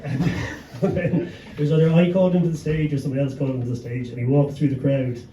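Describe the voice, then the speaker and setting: A man's voice: a little high, little pitch movement, fast talker, highs cut off. Irish man telling a sweary story. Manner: swears freely, chuckles through his story. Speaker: panelist, gig promoter. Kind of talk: anecdotal storytelling on a live panel. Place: pub venue with a live audience. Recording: echoey room, mic at a distance, background hum.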